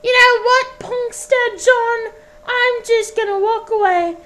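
A woman doing a shrill, brash Scottish woman named Thelma. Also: fairly even intonation, takes it slowly, fairly bright tone, exaggerated voice. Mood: dismissive. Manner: shrieking, brash.

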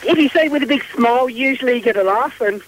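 A woman with a Birmingham accent calling in to a radio show, playful and quick to laugh. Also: fairly high pitch, a little hiss or hum, poor audio. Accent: Birmingham English. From Birmingham, England. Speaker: caller.

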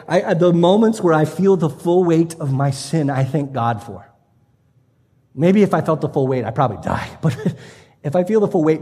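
High-voiced preacher in an echoing church. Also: male voice, warm tone. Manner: passionate, conversational preaching with humor. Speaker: pastor. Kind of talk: sermon. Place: church sanctuary. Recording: long hall reverb from a church room.

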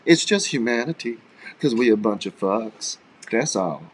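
A man's voice: medium pitch, expressive, normal speed, husky. Playful joking man, casual host. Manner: playful, teasing, rambling, swings loud and soft. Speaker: co-host of a live stream.

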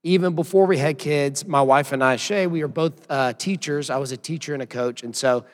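A hoarse man in his thirties, a pastor giving church announcements and opening a sermon in a casual, rambling way with self-deprecating asides. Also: a little high, a little fast. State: hoarse from yelling while coaching. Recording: long hall reverb.

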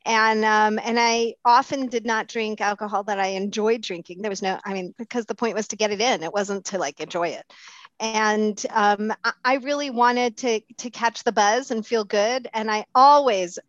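A middle-aged woman giving a candid, self-mocking recovery talk, pausing often with fillers and restarts. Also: mid-range voice, dry recording. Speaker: speaker sharing at a recovery meeting. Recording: dull, dry lo-fi sound.

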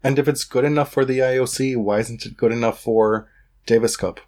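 A man's voice: mid-range voice, fairly even intonation, a little fast, darkish tone. A man co-hosting a podcast in casual chat, with a blunt, dry way of talking. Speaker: podcast co-host. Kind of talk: casual chat about tennis.

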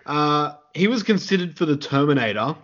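A man's voice: fairly high pitch, animated, moderate pace, fairly bright tone, muffled recording. Laughing Australian man reading trivia. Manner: laughs often, reads out trivia in a loose, joking way. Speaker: podcast host. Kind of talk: casual podcast chat.

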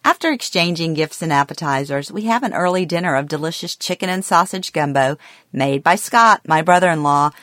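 A middle-aged woman reading a personal memoir aloud, quiet, reflective and somber. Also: sits low, fairly quick, dry recording, studio quality. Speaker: memoir narrator.

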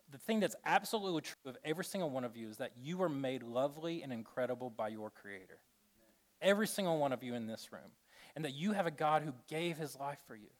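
A man preaching a sermon to a room of listeners, joking and acting out little scenes, then turning soft and earnest. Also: a little high. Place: room with an audience.

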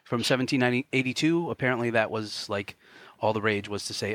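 A man's voice: lowish voice, a little fast, a bit bright, no echo. A man co-hosting a podcast, chatting about a film in a loose, rambling way full of fillers. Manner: rambling, many "you know" fillers, explanatory. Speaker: podcast co-host. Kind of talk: casual film commentary chat.

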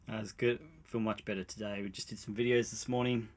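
A man co-hosting a podcast in relaxed casual chat, dropping dry quips. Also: on the low side, moderate pace. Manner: laid-back, dry quips, laughs easily. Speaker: podcast co-host.

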